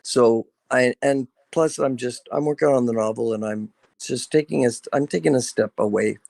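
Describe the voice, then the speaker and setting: A man of middle pitch speaks earnestly and emphatically, circling back to repeat his point. His voice is close and dry, with no room around it. He sounds like a voice actor chatting on a video call. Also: moderate pace, gravelly, a little mellow, dry recording. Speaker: voice actor guest. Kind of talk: casual video call chat.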